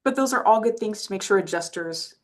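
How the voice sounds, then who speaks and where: A woman's voice: mid-range voice, animated, brisk. A woman hosting a podcast, chatting conversationally and affirming her guest often. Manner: conversational, frequent affirming backchannels. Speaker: podcast host. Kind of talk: casual podcast chat.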